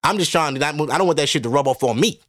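A man's voice: on the high side, very fast, background noise. A man hosting a casual solo podcast, talking bluntly and profanely to his listeners and laughing often. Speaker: podcast host.

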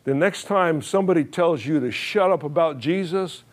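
A man's voice: fairly high pitch, moderate pace. A male pastor preaching a sermon in plain, folksy words, emphatic, repeating phrases and putting questions to his listeners. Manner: frequent uh fillers and restarts, plain folksy wording.

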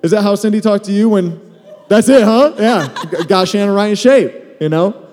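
A man's voice: sits high, moderate pace, a little mellow. A man teaching at a conference, teasing and joking, speaking straight to husbands and wives in the audience. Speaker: podcast co-host speaking at a marriage conference. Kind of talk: conference talk with crowd asides. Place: conference stage in a large hall. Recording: live hall recording with long reverb.

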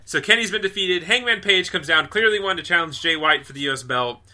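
A man co-hosting a casual podcast, his voice very bright and cutting. He gushes and gets carried away, stringing thoughts together with "like" and dropping curses freely. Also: high voice, a little fast. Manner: excitable, gushing, heavy use of "like", swears freely. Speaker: podcast co-host.

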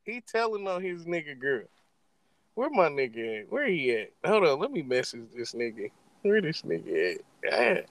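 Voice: medium pitch, very animated, moderate pace, dry recording. Teasing, laughing comedy host. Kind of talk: comedy podcast banter.

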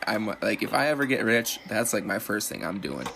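A young man co-hosting a casual podcast, excitable and swearing freely. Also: lowish voice, brisk, creaky, a little hiss or hum. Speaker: podcast co-host. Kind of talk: casual chat.

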